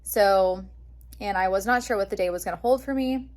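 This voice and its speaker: A woman's voice: medium pitch, moderate pace. Chatty young woman telling a story. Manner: chatty, excited storytelling with many fillers. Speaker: vlogger. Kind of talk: casual storytelling vlog.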